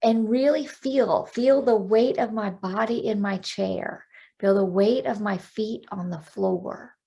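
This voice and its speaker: A woman coaching on a podcast, her voice carrying a gravelly, creaky edge at an ordinary pitch for her sex. She explains things practically over a video call and slows down to count out breaths. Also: warm tone. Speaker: life coach guest. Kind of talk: podcast interview, explaining calming techniques.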